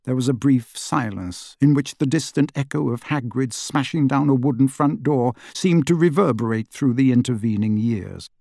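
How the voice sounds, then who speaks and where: A man narrating an audiobook in an expressive storytelling manner. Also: mid-range voice, normal speed, vocal fry, hardly any pauses, no room sound, studio quality. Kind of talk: scripted narration.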